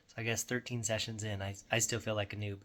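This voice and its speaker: Rambling, self-deprecating dad recapping a game. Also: male voice, on the low side, level tone, fast talker, a bit bright. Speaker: dungeon master recapping his son's game. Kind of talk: casual session recap.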